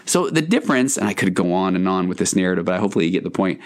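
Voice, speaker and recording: A man's voice: low voice, animated, racing. A man hosting a podcast as a counselor, talking in an earnest, conversational and meandering way. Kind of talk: podcast monologue.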